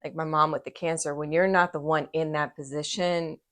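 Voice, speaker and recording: A middle-aged woman hosts an intimate conversation, her voice sitting low for a woman. She speaks expressively and with empathy, slipping into little acted-out quotes as she tells a story. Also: steady tone, brisk, a bit bright. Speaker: host. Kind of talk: casual conversation about grief.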